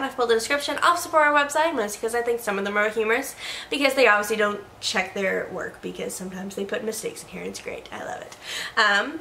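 A woman's voice: on the high side, sharp tone, a little hiss or hum. A woman chatting casually as she reviews products, playful and joking, often correcting herself. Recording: echoey room.

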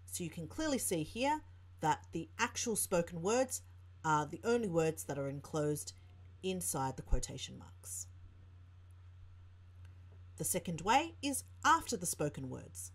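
A woman's voice: on the low side, very animated, measured pace, long pauses, slightly rough. A woman tutor with an Australian accent, explaining a writing lesson and reading example sentences aloud. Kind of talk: teaching lesson narration.

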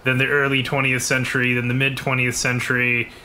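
Bright-voiced joking man. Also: medium pitch, monotone, a little fast, slight background noise. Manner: goofy, joking. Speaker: podcast co-host. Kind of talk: casual podcast chat.

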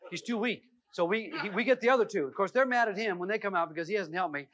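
High-voiced man telling comic stories. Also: fast. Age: middle-aged. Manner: animated, comic anecdotes with many fillers. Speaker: seminar speaker. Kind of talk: humorous storytelling talk. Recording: dull lo-fi 1990s videotape sound.

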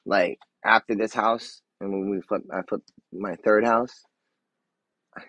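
This thirty-something man rambles with enthusiasm during a laid-back live stream, stumbling through fillers and false starts and occasionally dropping into a quiet murmur. His pitch is on the low side, he's unhurried with long pauses, and the recording sounds poor.

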